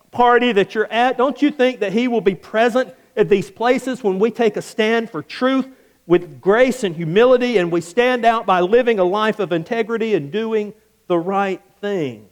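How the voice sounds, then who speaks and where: High-voiced male pastor preaching emphatically. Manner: emphatic preaching with repeated phrases, dropping low and soft on key words. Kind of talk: sermon.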